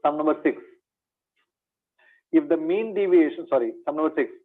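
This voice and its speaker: With lively intonation and a moderate pace, a maths teacher whose voice is a little high delivers exam revision in an Indian English accent. The online lecture audio sounds tinny, like a phone, and he answers his own questions while calling students "my dear".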